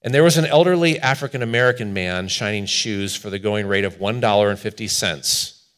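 Pastor, male, low-ish voice, earnest storytelling sermon delivery. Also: brisk, fairly bright tone.

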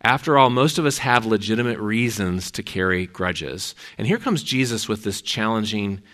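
A man's voice: on the low side, lively intonation, moderate pace, fairly bright tone. A middle-aged man, a pastor, giving a conversational sermon, telling stories from his week. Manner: conversational, storytelling.

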